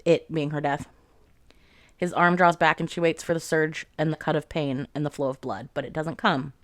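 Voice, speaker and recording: A woman casually recapping a fantasy novel chapter by chapter, chatty and full of "like" and quick asides. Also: low voice, fairly even intonation, no echo. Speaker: book reviewer.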